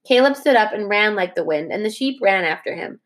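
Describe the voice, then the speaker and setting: Woman teacher, storybook read-aloud, steady plain reading, catches her own slips. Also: mid-range voice, brisk.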